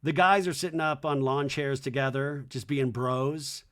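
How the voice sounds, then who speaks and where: A man hosting a podcast, casually recapping a reality show in a joking tone, often dropping into low mocking voices to quote people. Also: steady tone, normal speed, a bit bright. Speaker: podcast host.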